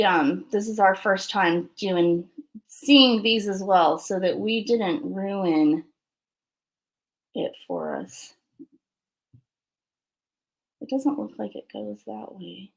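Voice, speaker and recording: Gravelly-voiced woman chatting on a livestream. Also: medium pitch. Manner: chatty, apologizes to viewers while waiting. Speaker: co-host. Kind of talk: casual live-stream chat.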